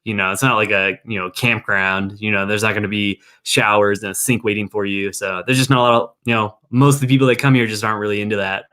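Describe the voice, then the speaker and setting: A man's voice: lowish voice, steady tone, quick pace, hardly any pauses, bright, forceful tone. A young man working in a national park, chatting casually and rambling with lots of fillers. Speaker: park worker telling stories. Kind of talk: casual podcast chat.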